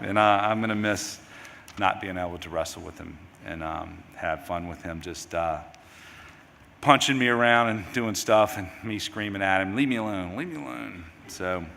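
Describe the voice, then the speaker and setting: A middle-aged grieving father giving a eulogy at a memorial service. He talks in a halting, rambling way, restarting his sentences. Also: low-pitched, bright, forceful tone. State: grieving, voice near tears. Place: large memorial service hall. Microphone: microphone at a podium. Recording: hall reverb, faint background noise.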